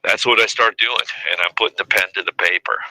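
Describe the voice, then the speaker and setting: A man in his fifties, a podcast guest, tells his story in a casual interview, rambling and loaded with "you know" and "uh." His lowish voice is fast and sharp-toned, on a low-quality recording with no room sound.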